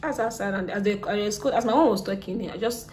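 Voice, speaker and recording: A woman's voice: mid-range voice, fairly quick, slight background noise. Young Nigerian woman telling a storytime. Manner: chatty, repeats herself, drifts soft and subdued. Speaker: vlogger. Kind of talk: storytime vlog.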